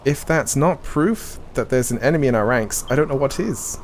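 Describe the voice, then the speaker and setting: A man reading out a stern army commander's lines from a game, slowly and deliberately. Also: medium pitch, animated, slight background noise, voice pushed up, natural voice. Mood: solemn.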